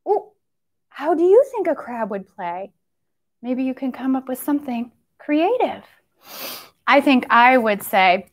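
High-voiced sing-song woman at story time. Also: measured pace, long pauses. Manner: sing-song, playful, animated with sound effects and laughs. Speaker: children's librarian leading story time. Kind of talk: toddler story time with rhymes and songs.

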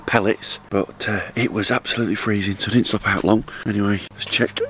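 Out in his back garden by a hot tub, a middle-aged vlogger chats casually to a handheld camera, rambling while doing chores. His voice sits low and steady, brisk and slightly bright, with a little background noise.

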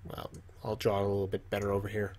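A man's voice: fairly low pitch, completely flat delivery, fast talker, a little mellow. A man casually teaching, joking and talking to himself while he draws. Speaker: language teacher. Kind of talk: casual tutorial while drawing.

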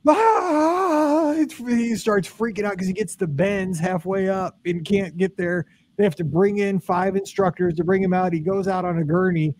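A man hosting a podcast, telling a rambling, animated story in casual chat and laughing often. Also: sits high, moderate pace, slight background noise. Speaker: podcast host.

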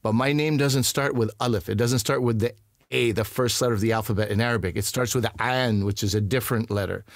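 Lively, self-mocking storytelling man. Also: medium pitch, brisk, no room sound, clean studio sound. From Canada. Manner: animated, self-mocking, acts out other voices. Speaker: comedian guest. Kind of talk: casual storytelling interview.

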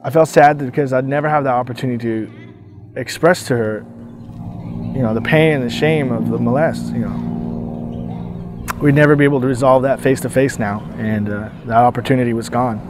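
A man speaking as an abuse survivor, giving a personal testimony in a halting, hesitant way with frequent pauses and restarts. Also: mid-range voice, over music. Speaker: abuse survivor telling his story.

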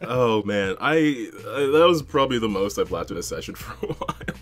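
Low-voiced, amused podcast co-host. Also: male voice, lively intonation, fairly bright tone. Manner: amused, halting with repeated words. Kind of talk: casual chat recapping a tabletop game.

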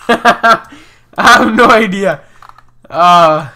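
A man's voice: high voice, extremely slow, pushed and bright. A young man giving casual, chatty commentary on a geography guessing game, exclaiming and mocking himself as he goes. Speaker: gaming video host.

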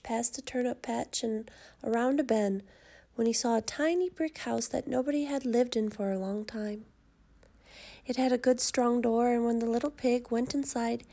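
A woman narrating a children's story in a measured, expressive way. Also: on the high side, creaky.

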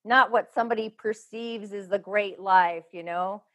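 A woman's voice: mid-range voice, fairly even intonation, normal speed. A woman, a holistic medium, talking loosely and frankly as an interview guest. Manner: chatty, emphatic, loose and frank. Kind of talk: casual interview talk.

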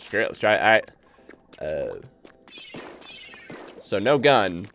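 A man commentating his own gameplay on a live stream, excitable and rambling, easily spooked by the game, with game music behind him. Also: on the low side, takes it slowly. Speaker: gaming streamer.

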